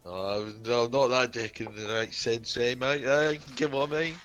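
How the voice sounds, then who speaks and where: Gruff player in character. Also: male voice, medium pitch, fairly even intonation, moderate pace, fairly bright tone, muffled recording, soft background music. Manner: gruff, laconic, swearing. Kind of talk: in-character role-play banter.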